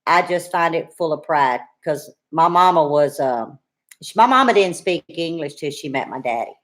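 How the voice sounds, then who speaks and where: A woman's voice: low voice, lively intonation, normal speed. A middle-aged woman with a Louisiana Southern accent, co-hosting a casual live chat in a folksy, teasing, chatty way. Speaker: co-host of a live cooking chat stream.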